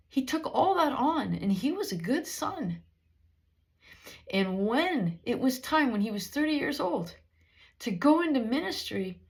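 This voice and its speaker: A woman preaching a sermon in an earnest, conversational way, with many rhetorical questions. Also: fairly high pitch.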